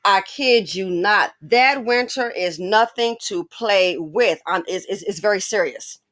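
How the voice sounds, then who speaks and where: In her casual commentary monologue, a woman with a mid-range voice speaks a little slowly. The animated host talks straight to her viewers, throwing in exclamations and rambling asides.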